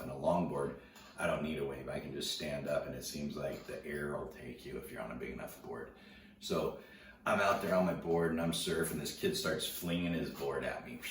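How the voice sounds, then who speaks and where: A man's voice: extremely low pitch, a little hiss or hum. A middle-aged man casually telling a story in laid-back surfer slang, acting out the dialogue. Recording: roomy, distant mic, faint ambience.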